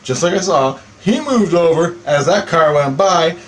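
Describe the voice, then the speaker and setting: A man telling a story in a rambling, profane monologue, swearing constantly and getting animated as he tells it. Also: fairly high pitch, normal speed, a little hiss or hum. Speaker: vlogger.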